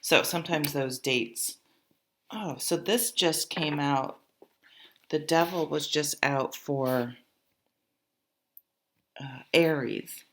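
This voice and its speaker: A woman's voice: low-pitched, slow, long pauses. A woman with a stuffy nose from a cold, giving a casual tarot reading and thinking aloud as she goes, with many fillers. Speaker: tarot reader.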